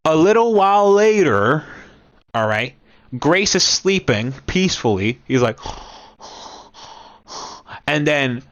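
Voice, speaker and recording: A man's voice: on the high side, smooth, no room sound, dull audio. A young man casually recapping a movie plot, rambling with many restarts and asides to the viewer. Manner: rambling, lots of restarts and "you know what I mean". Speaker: movie reviewer.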